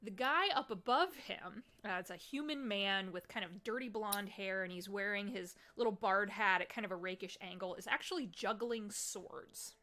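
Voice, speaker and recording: A woman's voice: mid-range voice, normal speed, hardly any pauses, sharp tone. A woman running a tabletop game as game master, describing scenes in a chatty, descriptive way with many fillers.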